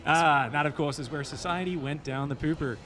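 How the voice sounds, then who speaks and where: A young man commentates a live esports match, his voice sitting high for a man. He drifts into silly banter during lulls and rattles off the action when fights break out. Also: a little fast. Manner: jokey, rambling banter, speeds up for action. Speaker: esports caster.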